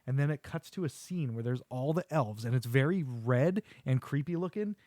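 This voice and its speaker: A middle-aged podcast host with a medium-pitched voice and moderate pace eagerly recaps an episode in casual conversation. Animated throughout, he acts out quotes and laughs often; the studio sound is dry and clean.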